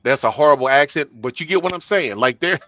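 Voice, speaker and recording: A man hosting a podcast in casual political chat, talking emphatically and building to loud bursts. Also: fairly high pitch, lively intonation, fast talker, no room sound, dull audio. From Texas. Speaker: podcast host.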